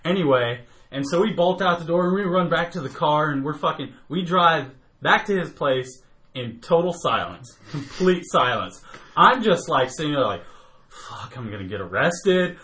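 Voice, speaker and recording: This man's voice is fairly high and sharp, with lively intonation and a normal pace. Co-hosting a podcast, he tells a long, laugh-filled story in casual chat and swears freely throughout.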